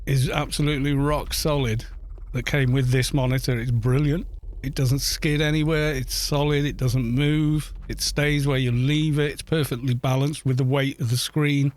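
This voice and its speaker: Here a gaming streamer speaks in a mid-range voice at normal speed, keeping his tone steady. His casual chat turns into an incredulous, mocking rant that rambles along with frequent restarts.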